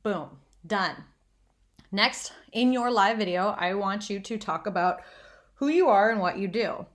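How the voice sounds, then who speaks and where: A woman's voice: medium pitch, lively intonation, measured pace. A woman from the American Midwest, in her thirties, hosting a solo podcast and talking candidly with casual swearing and self-deprecating humor. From Northwest Iowa, USA. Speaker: podcast host and confidence coach.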